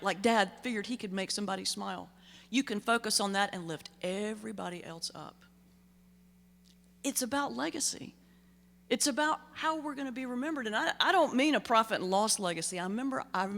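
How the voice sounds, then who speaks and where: Speaking in a mid-range, slightly bright voice, a middle-aged woman minister gives a keynote full of humorous stories, told conversationally with a sense of comic timing. The large banquet hall lends her words a reverberant sound.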